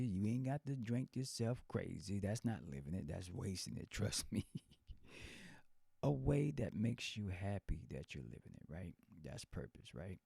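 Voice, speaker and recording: A man's voice: fairly low pitch, gravelly, dark tone, husky, dry recording, clean studio sound. A man hosting a solo podcast, giving a casual motivational talk and often checking in with "right?". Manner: conversational, repeats "right?" often. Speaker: podcast host.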